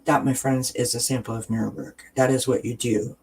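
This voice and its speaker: A man's voice: medium pitch, steady tone, brisk, vocal fry, a little mellow, slightly rough, low-quality recording. Man, wellness stream host; earnest, encouraging, rambles with restarts, webcam audio. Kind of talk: casual livestream chat.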